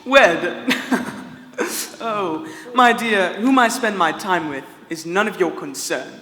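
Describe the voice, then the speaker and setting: An actor playing a vain, pompous prince with a cruel streak, haughty and given to giggles, in a live stage play. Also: male voice, high-pitched, expressive, a little slow, bright, forceful tone, full character voice. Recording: echoey hall, music behind.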